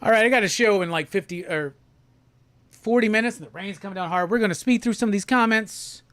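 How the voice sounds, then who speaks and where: A man with a high, brisk voice hosts a casual livestream, reading viewers' super chats aloud and joking around with the chat. Loud music plays behind his voice.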